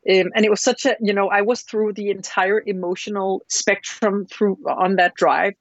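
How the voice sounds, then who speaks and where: A woman chef, a guest on an interview show, telling stories in a lively, rambling way with lots of fillers. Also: mid-range voice, normal speed, no echo. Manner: animated, rambling storyteller with many fillers. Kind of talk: casual interview storytelling. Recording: slightly dull lo-fi sound.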